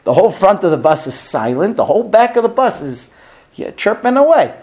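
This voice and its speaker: Animated middle-aged man lecturing. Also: sits high, a little fast. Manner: animated storyteller, acts out quoted dialogue. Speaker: rabbi teaching a recurring class. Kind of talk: lively classroom lecture with humor.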